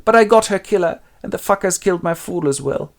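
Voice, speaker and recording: A man's voice: high voice, fairly quick, creaky, pitched above the performer's own voice. A man voicing a worn-out, grieving old king in a comic retelling, raised and distraught.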